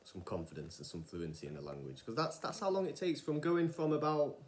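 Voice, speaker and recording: This young English vlogger speaks briskly in a mid-range voice. His casual, podcast-style monologue rambles and wanders, full of fillers and restarts.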